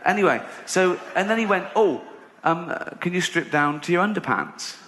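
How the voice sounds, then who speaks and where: A man's voice: high voice, lively intonation, normal speed, a bit bright, reverberant, slight background noise. A middle-aged English man doing stand-up, rambling and self-deprecating, often laughing at his own jokes. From England. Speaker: stand-up comedian. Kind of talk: stand-up comedy routine. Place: theater stage with audience.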